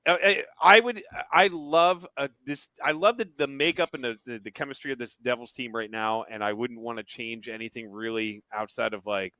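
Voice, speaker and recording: A man's voice: mid-range voice, moderate pace, few pauses, sharp tone, no echo. A man hosting a casual hockey podcast, rambling and laughing as he talks. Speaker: podcast host. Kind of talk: casual sports chat.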